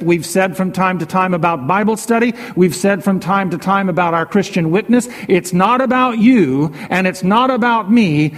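A man preaching a sermon as a pastor, measured and repetitive, leaning on slow emphatic phrases. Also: high-pitched. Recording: long hall reverb.

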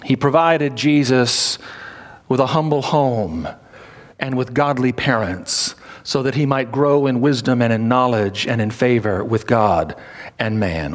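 A man preaching a sermon in an emphatic style, repeating phrases and prompting his listeners for responses. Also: mid-range voice. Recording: long reverb of a large hall.

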